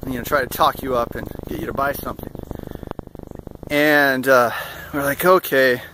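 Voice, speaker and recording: A man's voice: mid-range voice, fairly even intonation, moderate pace, bright, forceful tone, a little hiss or hum. A young man casually telling a travel story in a rambling way, with plenty of fillers and amused asides. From United States. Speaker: vlogger.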